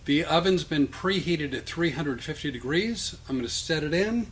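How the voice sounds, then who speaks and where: A man's voice: a little high, lively intonation, normal speed. A man hosting a casual cooking demonstration in a home kitchen, joking as he talks through each step. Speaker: cooking show host.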